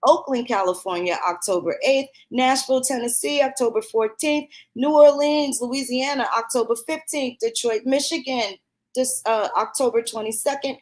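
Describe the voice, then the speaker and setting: Profane ranting woman, high voice. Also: moderate pace. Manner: profane, heated, mocking. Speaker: commentary vlogger. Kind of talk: ranting commentary.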